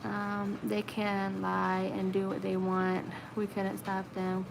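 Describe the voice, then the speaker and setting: A woman's voice: medium pitch, monotone, slow, gravelly, background noise. Chatty Southern woman from Virginia. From Virginia, Blue Ridge region. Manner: chatty, many fillers, reads comments aloud. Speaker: livestream host. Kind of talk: casual livestream chat reading viewer comments.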